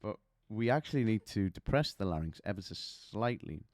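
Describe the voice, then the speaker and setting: A male vocal coach talks through technique in a relaxed, chatty way, breaking into little demonstrations and stories. His voice sits low and mellow. The sound is dry and close. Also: moderate pace, no echo. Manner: chatty, explains with demonstrations and anecdotes. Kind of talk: singing lesson to camera.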